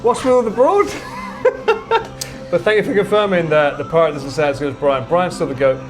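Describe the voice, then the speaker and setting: A man's voice: on the high side, expressive, normal speed. A man hosting a casual chat over drinks in a bar, teasing and joking. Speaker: host. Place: bar or pub. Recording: music playing in background.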